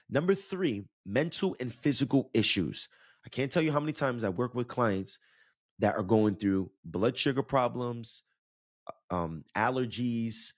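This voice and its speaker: Low-voiced motivational man coach. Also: a little mellow, no room sound, studio quality. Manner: earnest, direct, repeats points, addresses listener as "my friend". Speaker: wellness coach and podcast host. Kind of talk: motivational podcast talk.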